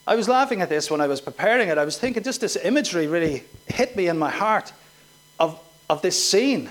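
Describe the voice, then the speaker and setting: A man's voice: high-pitched, expressive, normal speed, pauses often. A man preaching a sermon, asking his listeners direct questions and acting out the voices of the people he describes. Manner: questioning, emphatic, acts out quoted voices.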